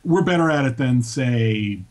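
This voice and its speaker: A man's voice: mid-range voice, expressive, unhurried, a little mellow. Laughing, wisecracking man on a podcast. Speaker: podcast co-host. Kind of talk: casual chat.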